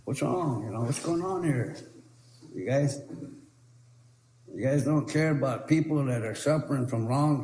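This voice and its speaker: This man, whose voice is warm and on the high side, pleads earnestly as a tribal council representative in a council chamber debate, repeating his points. The recording has an echo and some faint noise.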